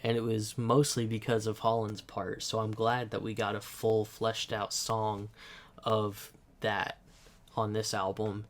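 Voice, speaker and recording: Male reaction host: low, even delivery, thoughtful and hedging, corrects himself often. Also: a little slow. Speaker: music reaction channel host. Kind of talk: casual commentary.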